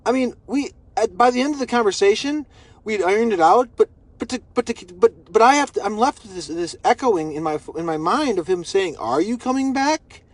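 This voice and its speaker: A man's voice: sits high, animated, a little fast. A man recording a personal video message, rambling and repeating himself as he vents his frustration. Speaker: vlogger.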